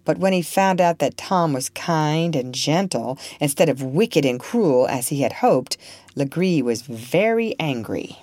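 A woman's voice: low voice, expressive, a little slow, a little mellow, dry recording. A woman reading a storybook aloud, acting out the characters with expression. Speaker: narrator.

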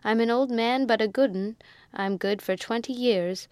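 A woman's voice: on the high side, moderate pace, darkish tone, clean tone, no echo, lightly acted. Woman playing a coarse old baronet. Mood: pleading. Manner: rustic dialect, blustering.

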